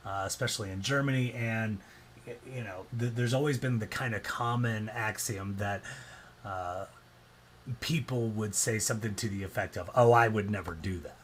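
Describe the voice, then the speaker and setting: A man's voice: on the low side, moderate pace, a bit bright, a little hiss or hum. A man presenting a casual explanatory talk, loose and conversational, often acting out quoted reactions.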